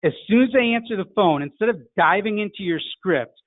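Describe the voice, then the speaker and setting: Expressive and a bit quick, with a voice that sits high, a middle-aged man from Chicago speaks in his city's accent. He delivers a direct, coaching sales lesson and acts out phone greetings, captured on a tinny, phone-like dry recording.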